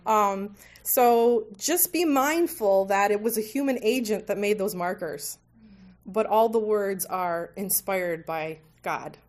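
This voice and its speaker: A woman's voice: mid-range voice, slow pace, darkish tone. A woman teaching a women's Bible study group, conversational and lightly humorous, sometimes correcting herself mid-sentence. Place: meeting room with tables.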